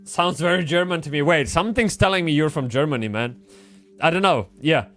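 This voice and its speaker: A man's voice: on the high side, a little fast, fairly bright tone, faint music behind. A man from Poland, chatting casually while streaming a game, rambling with frequent restarts and swearing. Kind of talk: casual gaming livestream chat.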